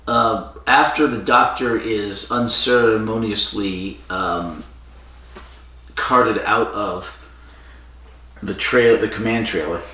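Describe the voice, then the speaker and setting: A man's voice: fairly low pitch, pushed and bright. A man co-hosting a podcast, casually retelling a story with fillers and quoted lines. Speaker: podcast co-host. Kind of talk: casual chat. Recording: echoey room from far off.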